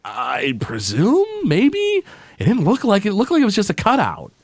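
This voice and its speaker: A man's voice: high-pitched, huge pitch swings, normal speed, husky, dry recording. A man co-hosting a podcast, casually recapping a cartoon episode and slipping into playful voices as he retells scenes. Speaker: podcast co-host.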